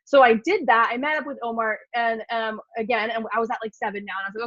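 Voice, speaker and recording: Chatty fast-talking woman storyteller. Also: on the high side, no echo. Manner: animated, filler-heavy, lots of "like". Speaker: speaker at a mindset meeting. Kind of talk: casual storytelling to a group. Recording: dry, dull lo-fi sound.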